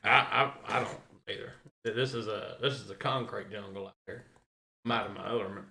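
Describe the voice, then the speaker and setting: A man's voice: on the low side, a little fast, vocal fry, bright, forceful tone, slight background noise. A man with a Southern US accent, co-hosting a drunken podcast chat, laughing and joking rowdily. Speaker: podcast co-host.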